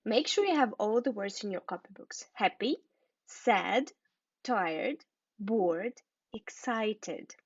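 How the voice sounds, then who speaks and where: A woman teaching an English lesson, spelling out and repeating words slowly and carefully for learners. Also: mid-range voice, lively intonation, dry recording, lo-fi sound.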